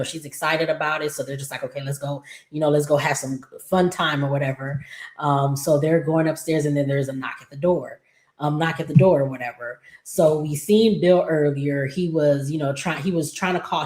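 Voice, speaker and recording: Chatty low-voiced woman recapping a soap. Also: steady tone, moderate pace, darkish tone, roomy sound. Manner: chatty, exasperated asides to characters. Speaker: soap opera recap host. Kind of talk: casual episode recap.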